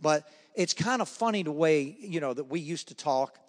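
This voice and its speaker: A man's voice: a little high, animated, moderate pace. A middle-aged man giving a personal testimony at a men's breakfast, telling stories and acting out voices. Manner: storytelling, acts out voices. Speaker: guest speaker. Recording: echoey hall.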